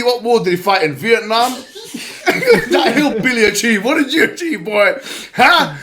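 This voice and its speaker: A man's voice: very high-pitched, very animated, unhurried, a crowd in the background. A man ranting on a livestream, taunting and mocking with frequent laughs. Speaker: stream guest. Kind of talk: heated livestream rant.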